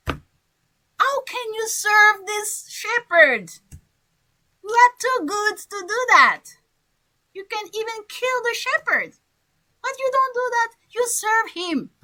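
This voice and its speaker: A woman's voice: very high-pitched, pushed and bright, pitched above the performer's own voice, full character voice, low-quality recording. A woman voicing a baffled wolf in a storytelling lesson who keeps asking incredulous, pleading questions.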